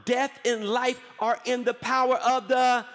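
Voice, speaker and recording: Energetic high-voiced male pastor preaching. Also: a little slow, long reverb tail. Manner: energetic call-and-response preaching, frequent crowd prompts. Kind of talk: sermon. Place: large church hall.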